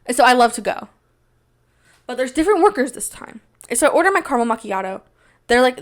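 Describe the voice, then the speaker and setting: A young woman hosting a podcast, telling stories in a rambling, self-deprecating monologue with big jumps in pitch when she quotes people. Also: very animated, fast, long pauses. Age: young adult. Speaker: podcast host. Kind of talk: casual storytelling monologue.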